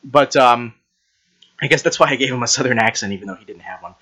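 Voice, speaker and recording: A man's voice: medium pitch, fast talker, pushed and bright, slightly rough. A man co-hosting a casual chat, telling rambling stories with crude jokes. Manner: rambling, crude joking storyteller. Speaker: podcast co-host.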